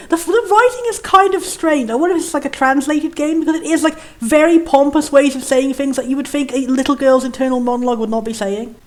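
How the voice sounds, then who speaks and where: A woman hosting a casual game playthrough, chatting in a rambling way and reading the game's text aloud in a lower, solemn tone. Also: lively intonation, fairly quick, hardly any pauses. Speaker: let's play host. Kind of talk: casual gameplay commentary.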